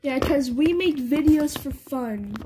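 A young woman co-hosting a gameplay video, teasing her partner with deadpan jokes. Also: sits high, slow pace, very noisy. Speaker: co-host. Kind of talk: joking casual chat.

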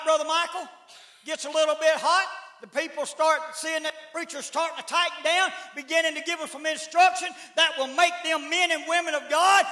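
A man preaching a sermon in a church, folksy, with shouted calls to the congregation. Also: very high voice. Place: church sanctuary. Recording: echoey church room.

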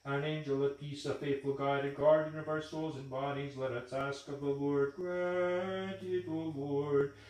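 A man's voice: on the high side, measured pace, few pauses. Man intoning prayers in a ringing church. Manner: intoning in an even monotone. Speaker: reader leading vespers. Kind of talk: chanted liturgical reading. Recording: very echoey church room.

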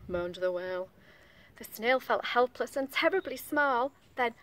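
Lively, high-pitched woman reading a picture book. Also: unhurried, no echo. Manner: animated and sing-song, asking the listening children questions. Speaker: storyteller reading to children. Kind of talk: reading a picture book aloud to young children.

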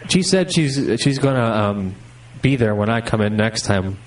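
A man's voice: fairly low pitch, lively intonation, unhurried. A man making a prank phone call, pushy and accusing in a mock-offended way. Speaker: prank caller. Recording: distant noisy phone line.

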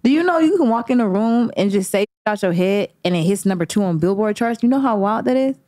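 A woman hosting a casual music interview, lively and teasing, quick to laugh. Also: medium pitch. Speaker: host.

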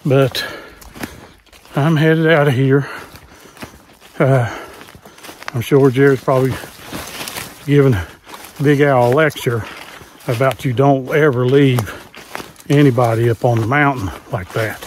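A man's voice: medium pitch, fairly even intonation, slow, pauses often, a little mellow, slight background noise. A man hosting an outdoor vlog, talking earnestly into a handheld cell phone while hiking a wooded mountain. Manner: earnest, talks while hiking, repeats safety advice. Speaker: channel host.

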